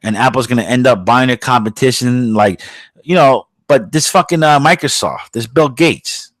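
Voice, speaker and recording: A man hosts a podcast, ranting bluntly and swearing freely. His voice sits at an ordinary pitch and is recorded dry, with no room sound. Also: normal speed, fairly bright tone, no echo. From New York. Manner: profane, blunt, heated ranting. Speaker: podcast host. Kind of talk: casual podcast rant.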